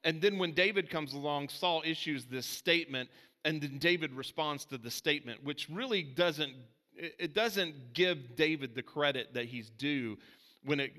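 Man, pastor, conversational sermon, bright voice, long church reverb. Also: mid-range voice. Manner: conversational, many fillers and restarts. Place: church sanctuary.

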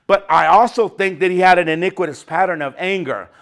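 Guy preaching, fairly high voice, animated and chatty. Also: a little fast. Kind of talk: conversational sermon.

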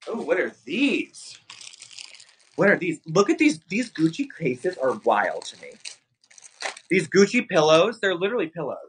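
A man hosting a live shopping stream, excitedly hyping luxury items and talking straight to his viewers. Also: fairly high pitch, normal speed, slight background noise, rough recording. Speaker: livestream shopping host. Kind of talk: live sales stream chat.

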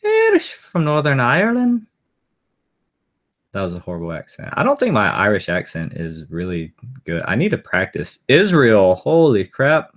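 A man's voice: low-pitched, wildly swooping pitch, moderate pace, a bit bright. A man chatting casually on a live stream, rambling and answering viewer comments aloud as he goes.

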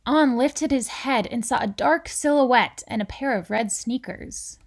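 Woman, picture book read-aloud, gentle, very slow, creaky, fairly high. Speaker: reader.

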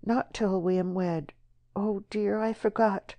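A woman voicing a shy young rural village woman who speaks hesitantly in a soft country dialect. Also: medium pitch, steady tone, measured pace, no room sound, voice pushed up, close to an everyday voice. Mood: pleading.

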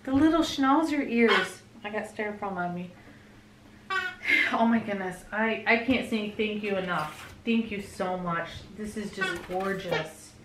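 A middle-aged woman talks to her camera at home, gushing and then slipping into a hushed whisper. Her voice sits a little away from the mic in a roomy bedroom, with a faint hum behind it. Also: mid-range voice, measured pace, far from the mic. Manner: effusive, often drops to a hushed whisper. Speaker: pet vlogger. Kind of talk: casual vlog, unboxing gifts.

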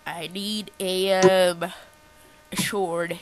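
A gameplay co-host jokes and teases his friend during a video game, rambling in a high voice that moves a little slowly. He's slightly stuffy from a cold, and the rough recording has a crowd in the background.

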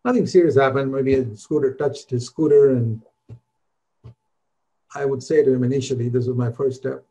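Older male preacher, mellow earnest voice. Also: medium pitch, fairly even intonation, normal speed, pauses often, lo-fi sound. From India. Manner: earnest, conversational preaching with rising emphasis. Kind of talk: sermon.

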